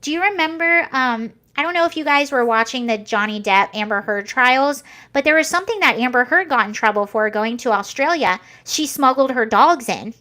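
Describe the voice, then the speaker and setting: Young woman vlogger, higher pitch, casual rambly commentary full of fillers. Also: expressive, normal speed, hardly any pauses, bright, forceful tone. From United States. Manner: chatty, rambling, many fillers and restarts.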